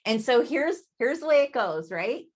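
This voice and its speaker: Woman coaching her sales team on a video call, kinda high voice, laughs a lot, says right? constantly. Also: sing-song, normal speed. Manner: chatty, laughs often, keeps asking "right?". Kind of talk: motivational training talk.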